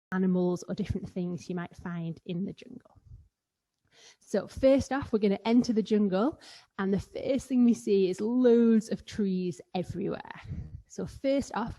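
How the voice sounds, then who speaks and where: A mellow, mid-range female voice belongs to a kids yoga teacher leading a playful children's session, with animal sounds mixed in now and then.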